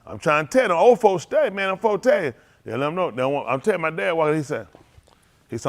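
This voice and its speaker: A man, a preacher telling loose, animated stories to his congregation, laughing often and repeating himself as he goes. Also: sits high, fairly quick. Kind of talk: loose storytelling sermon.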